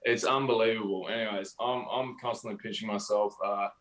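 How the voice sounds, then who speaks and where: A man's voice: lowish voice, steady tone, brisk, a bit bright, poor audio. An Australian man as an interview guest, talking casually and rambling with lots of fillers. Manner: rambling, full of "you know" fillers.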